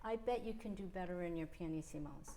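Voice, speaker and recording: A woman with a New York accent coaching a piano student in a masterclass, chatty and animated, singing out musical cues. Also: fairly low pitch, a little fast, a little hiss or hum. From New York City. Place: piano masterclass before an audience. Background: piano playing.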